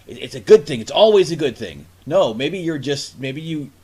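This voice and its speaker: A man's voice: fairly high pitch, animated, moderate pace, dark tone, slightly rough. A man co-hosting a podcast in casual chat, reacting to stories and making his case at length. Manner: reacts with short exclamations and argues his point. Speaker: podcast co-host.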